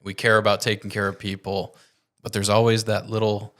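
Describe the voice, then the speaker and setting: Lowish voiced guy on a work podcast, easygoing, thinking out loud. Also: flat delivery, a little fast. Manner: easygoing and reflective, talks in loose restarts. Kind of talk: casual reflective chat.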